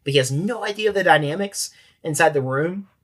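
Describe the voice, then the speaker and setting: A man's voice: a little high, lively intonation, brisk, a bit bright. Matter-of-fact man recounting a story. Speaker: sheriff's corporal, podcast guest. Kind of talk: interview storytelling.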